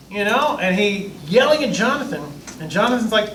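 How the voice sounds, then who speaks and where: A pastor teaches a Bible class in a loose, joking style, acting out the lines of people from the stories with lively energy. His voice is extremely high and fairly quick, with slight background noise. The room echoes and the mic sits far away.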